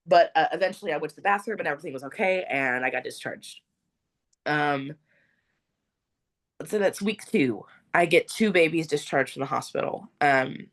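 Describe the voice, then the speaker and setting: A young adult woman, a podcast guest, telling a personal story in an interview, earnest and rambling with many fillers. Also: low-pitched.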